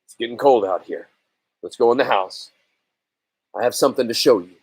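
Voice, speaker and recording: A man voicing a serious father in a story reading, quiet and measured. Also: medium pitch, slightly rough, no room sound, voice pushed down. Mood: firm. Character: steady, serious rural father.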